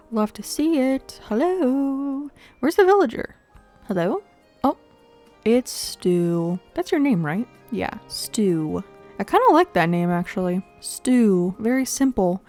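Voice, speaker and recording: A bright, slightly high-voiced young woman talks casually through a game session, joking and laughing with her viewers as she goes. Soft background music plays under her voice. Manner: chatty, playful, laughs often, talks to viewers. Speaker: video game streamer. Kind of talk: casual gameplay commentary.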